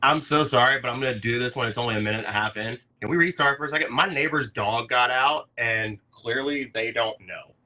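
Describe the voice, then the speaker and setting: A man's voice: mid-range voice, brisk, hardly any pauses, sharp tone. A man co-hosting a casual sports chat over a video call, joking in an easygoing way. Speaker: co-host.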